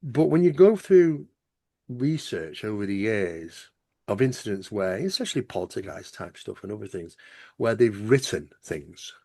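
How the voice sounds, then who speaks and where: A man hosting a casual podcast conversation, explaining ideas in a relaxed way and often saying "you know". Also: fairly low pitch, measured pace, gravelly, no room sound, studio quality. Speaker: host.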